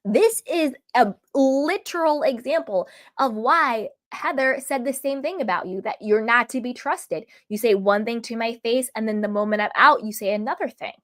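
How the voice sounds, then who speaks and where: Animated woman recapping reality TV. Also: on the high side. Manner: emphatic, animated, talks in quick asides. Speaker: reality TV reviewer. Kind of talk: casual opinionated recap commentary.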